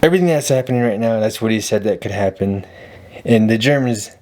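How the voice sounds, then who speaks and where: Male vlog host, low voice, blunt and rambling commentary delivery. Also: fairly quick, a little mellow. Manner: blunt, rambling, repeats himself. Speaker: video host. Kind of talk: casual political commentary vlog.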